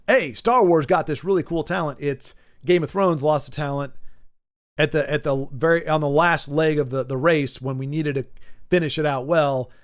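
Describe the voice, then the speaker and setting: Rambling, wry male streamer. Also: fairly high pitch. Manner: rambling, with many restarts and stammered repeats; wry and sarcastic. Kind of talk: casual chat to stream viewers.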